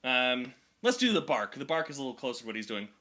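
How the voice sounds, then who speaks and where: A man talking casually as a vocal coach reacting to a song, chatty and excitable with lots of fillers. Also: mid-range voice, fast talker. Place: indoor room at home.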